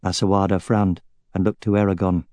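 Mellow-voiced male audiobook narrator. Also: low voice, little pitch movement, a little fast, no echo.

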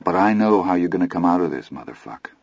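A man reading the part of a menacing teenage gang leader in an audiobook, speaking softly and threateningly. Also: deep voice, animated, quick pace, dry recording. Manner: soft, threatening drawl. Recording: slightly muffled recording.

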